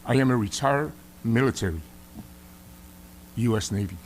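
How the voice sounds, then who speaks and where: This formal hearing address comes from a middle-aged man with a Samoan accent, a senator sternly rebuking an official in a legislative chamber. He speaks at a normal speed in a mid-range voice, over slight background noise.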